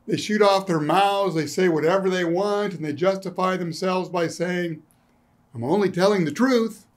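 Man preaching with dry humor. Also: fairly high pitch. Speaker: pastor. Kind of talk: sermon. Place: church sanctuary.

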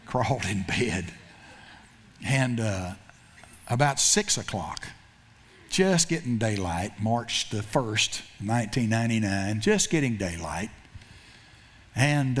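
Pastor, male, mid-pitch, rambling storytelling sermon delivery. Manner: storytelling with repetitions and self-corrections.

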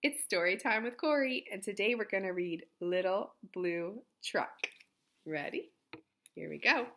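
A woman reading a picture book aloud to young children, animated, with playful animal sounds and friendly asides to her listeners. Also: medium pitch, measured pace. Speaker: children's story reader.

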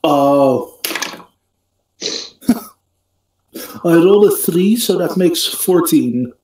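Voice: mid-range voice, animated, extremely slow, dark tone. A tabletop player speaking casually, sometimes distracted and apologetic. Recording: very echoey, remote mic.

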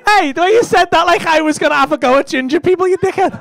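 A stand-up comedian doing crude, teasing crowd work on a club stage. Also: male voice, extremely high pitch, fast, gravelly, a little hiss or hum. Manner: crude, teasing banter with the audience. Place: comedy club stage before a live audience. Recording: live club recording with loud crowd laughter.

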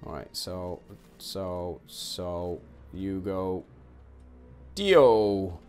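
A man commentating his own strategy game, getting excited and talking to his units. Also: low voice, very slow, soft background music. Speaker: let's play streamer.

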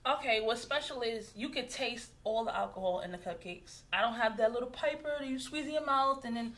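A woman's voice: a little high, a bit bright. A woman, a business owner speaking in a casual, heartfelt interview chat in long run-on phrases. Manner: heartfelt, talks fast in loose run-on phrases.

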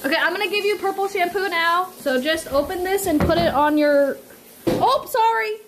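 A woman's voice: extremely high pitch, moderate pace, background noise. A woman streaming live, chatting and giggling while giving step-by-step directions. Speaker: streamer host. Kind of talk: casual live-stream chat.

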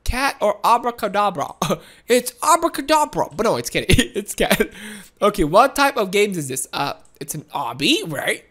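A woman giving excited let's-play commentary, giggly and excitable with frequent laughs and exclamations. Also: mid-range voice, normal speed. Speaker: gameplay commentator.

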